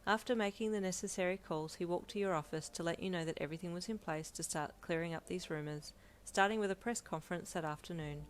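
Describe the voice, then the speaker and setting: A woman narrating a second-person fanfiction romance, steady and gentle. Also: fairly low pitch, quick pace, a little hiss or hum.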